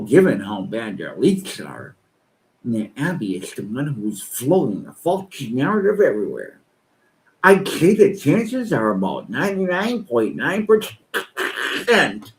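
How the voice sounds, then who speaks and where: A man streaming reaction commentary, ranting angrily and swearing. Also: rough recording. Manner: slow-paced, with lively pitch swings. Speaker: streamer reacting to online posts.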